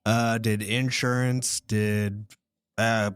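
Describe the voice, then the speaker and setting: A man's voice: on the low side, little pitch movement, extremely slow, clean tone, dry recording. Male co-host, casual rambling storyteller, resonant and dry. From Indiana. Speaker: podcast co-host telling a history story. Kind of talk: casual chat.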